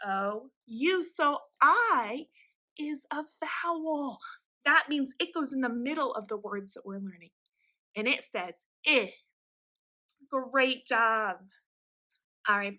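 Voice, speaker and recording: A woman teaches young children their letter sounds, upbeat and encouraging, and draws each sound out slowly. Her voice sits high and rings bright, with a clear, forward tone. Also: low-quality recording. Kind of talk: phonics lesson for young children.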